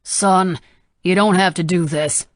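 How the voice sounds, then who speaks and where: A composed middle-aged senator , as a woman narrator puts him on, speaks with a Southern drawl in an audiobook. His tone is steady and persuasive, with the measured calm of a practiced negotiator. The voice sits low and the recording is dry and close. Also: no echo. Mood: stern.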